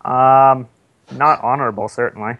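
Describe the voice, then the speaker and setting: A man's voice: medium pitch, fairly even intonation, moderate pace, dull audio. A man playing a knight in a tabletop game, speaking earnestly and formally in character. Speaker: player.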